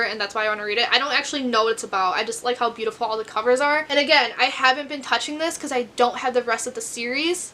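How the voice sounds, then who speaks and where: Young American woman for a casual home book vlog; high, bright, chatty and rambling, pokes fun at herself. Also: slight background noise. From United States. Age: 20s. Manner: rambling, chatty, self-deprecating. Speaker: book vlogger. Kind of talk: casual chat to camera.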